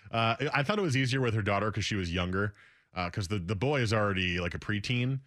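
Young guy radio host chatting away, lowish voice, dry close sound. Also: expressive, a little fast, fairly bright tone, no room sound. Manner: chatty, rambling with restarts. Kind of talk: casual chat.

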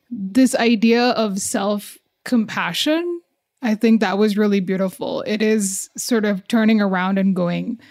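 A woman's voice: medium pitch, a little mellow, dry recording, clean studio sound. A woman, hosting a casual podcast chat and often laughing as she tells stories. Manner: chatty, laughs often, acts out quoted voices. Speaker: podcast host.

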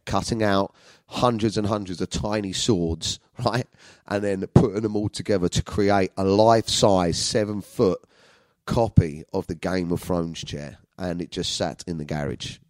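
A comedian with a low, darkish voice tells rambling, sweary stories about his family, packing in frequent fillers. It's a storytelling monologue recorded with no echo.

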